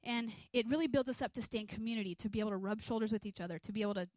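Chatty woman preaching, bright high voice. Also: racing, no echo. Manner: energetic, conversational, acts out quotes from home life. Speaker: pastor's wife preaching. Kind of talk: sermon.

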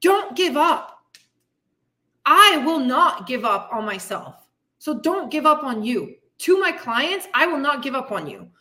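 High bright-voiced woman, blunt and swearing. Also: very animated, measured pace. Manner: blunt, frequent swearing, tough-love pep talk; frustrated, venting. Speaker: fitness coach and podcast host. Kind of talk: candid motivational monologue.

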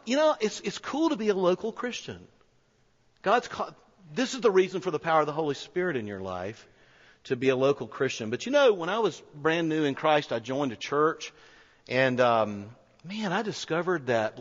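Earnest pastor in an echoey hall. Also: male voice, a little high, very animated, a little fast. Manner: earnest, conversational storytelling with restarts. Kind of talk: sermon told as a personal story. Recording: echoey hall, dull lo-fi sound.

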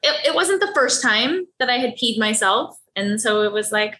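A woman with a bright, forward voice recounts a personal story as a podcast guest. She is candid and animated, breaking into laughs and playing out the dialogue of the moment with lively jumps in her voice. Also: mid-range voice, moderate pace, few pauses, rough recording. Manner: candid, laughs often while telling.

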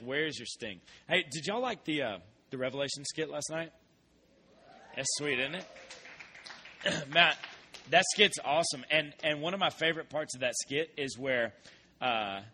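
A man's voice: mid-range voice, a little hiss or hum. A young man preaching a sermon, telling stories and acting out voices with lots of energy. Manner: animated storytelling, acts out voices.

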